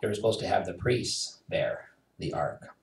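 A man preaching a sermon as pastor, retelling a story in a lively, conversational way with quoted asides. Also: low voice, moderate pace, vocal fry, recorded from a distance. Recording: roomy sound, voice a bit off-mic.

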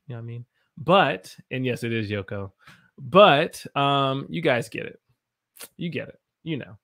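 A man's voice: mid-range voice, fairly bright tone. Brief: American male English teacher, casual livestream from a home room, jokey, reads chat aloud. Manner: playful, jokey, laughs often; reads viewer comments aloud.

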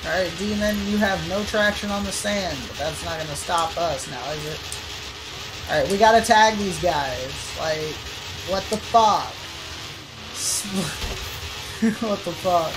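A woman streaming a game live, commentating in a profane, excitable, trash-talking way. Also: fairly low pitch, unhurried, pauses often, poor audio. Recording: game music underneath.

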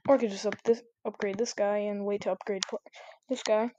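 A woman giving casual, chatty commentary over her gameplay, getting excitable and repeating exclamations when things get tense. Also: mid-range voice, brisk, a little hiss or hum.

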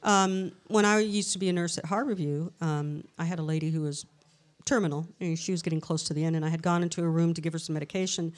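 Middle-aged lady, paranormal researcher, low-ish voice, chatty storyteller on a live show. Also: fast talker. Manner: chatty, tells anecdotes with lively quoted dialogue. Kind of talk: casual live interview storytelling. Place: historic castle hotel event room.

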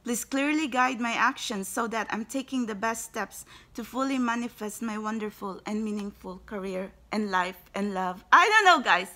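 A woman's voice: moderate pace, few pauses. A woman giving a spiritual tarot reading to her viewers, effusive and exclaiming, often addressing them as guys. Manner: gushing, rises into high excited bursts. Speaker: tarot card reader. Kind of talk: spiritual card reading to camera.

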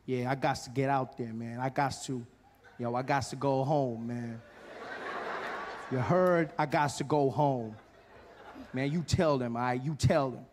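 A man voicing a flustered, excitable American comedian who stammers and keeps saying "yo" and "man", recorded live in a reverberant hall. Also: mid-range voice, a little slow, long pauses, slight background noise, close to an everyday voice. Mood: fervent. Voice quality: stammering, slangy, repeats "man" and "yo".

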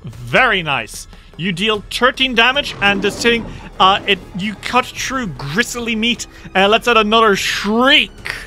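A man with a bright, high-pitched voice runs a tabletop game, describing monsters and attacks in vivid detail. Soft music plays under his narration. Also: a little slow. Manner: friendly, descriptive, reacts with groans. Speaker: game master.

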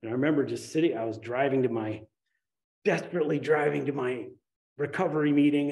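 A man giving a conversational dharma talk as a meditation teacher, telling stories with sudden excited rises. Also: mid-range voice, a little fast.

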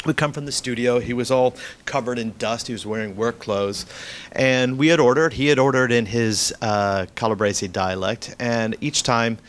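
A man's voice: medium pitch, moderate pace. A man giving a reading, telling a rambling family anecdote with many fillers and restarts. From United States. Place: event room.

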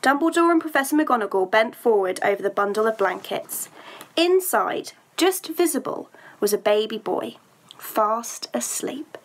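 A woman's voice: a little high, big pitch swings, normal speed. A woman teacher reading a story aloud to her pupils, then chatting about a task with a few hesitant fillers.

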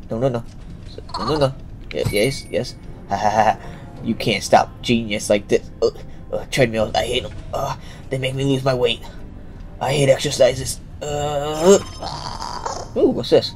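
A young man narrates his gameplay with a running stream of jokes and complaints. He bickers with the on-screen characters, mid-pitched and ordinary in tone. Game music plays clearly underneath. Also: a little slow, pauses often. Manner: joking, complaining, talks back to the game. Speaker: gameplay commentator. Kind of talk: let's play commentary.

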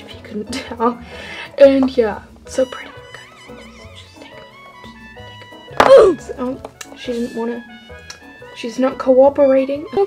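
A teenage girl vlogger unboxes toy figures from a trade package, gushing and rambling with lots of "like" and "oh my gosh." Her voice is high-pitched with a dark tone, and the audio quality is poor.

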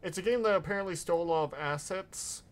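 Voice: medium pitch, quick pace. A streamer reacting to a video in casual commentary, often incredulous and exclaiming.

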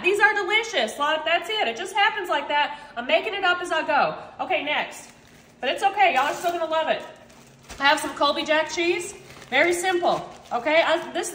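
A woman's voice: high-pitched, fairly bright tone, roomy sound, a little hiss or hum. A woman hosting a cooking vlog from her home kitchen, chatting playfully with viewers and joking about herself. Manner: chatty, playful, self-mocking, keeps saying y'all. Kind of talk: casual cooking chat to viewers.

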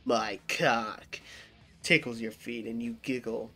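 A comedic narrator reading chat screenshots aloud, acting out both sides with wild pitch jumps and dry deadpan asides. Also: slow, soft background music.

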